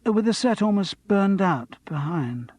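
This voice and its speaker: A man voicing a dreamy, languid male TV director in an audiobook, speaking slowly and vaguely. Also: sits high, lively intonation, a little mellow, no echo, pitched above the performer's own voice. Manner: slow, vague, drifting.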